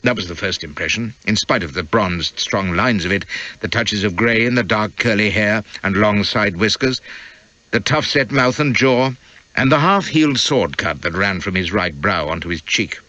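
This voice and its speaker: A man narrating an audiobook with wry, sardonic relish, his fairly low voice swinging in lively pitch. The tone is bright and forceful, and the recording is dry and close. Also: moderate pace, dry recording, poor audio. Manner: wry, sardonic first-person telling.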